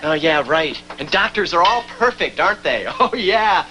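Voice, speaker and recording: A man's voice: fairly high pitch, animated, normal speed, music in the background, lightly acted, low-quality recording. An actor playing a childish, melodramatic grown man visiting his doctor, whiny and theatrical with nervous laughs. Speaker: patient. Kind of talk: sitcom acting.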